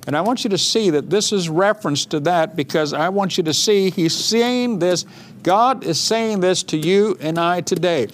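A man's voice: high voice, moderate pace, slight background noise. A man preaching a sermon, reading scripture with mounting emphasis and breaking into chatty asides. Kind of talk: sermon teaching.

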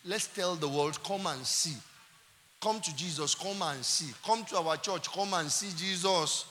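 A man with a Nigerian accent preaching a sermon as pastor, moving from quiet asides to shouted climaxes. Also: sits high, unhurried, big-room sound, a little hiss or hum. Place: church.

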